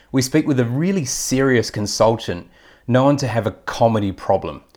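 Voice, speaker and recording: A man with an Australian accent, a podcast host reading a formal introduction and asking interview questions. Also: fairly low pitch.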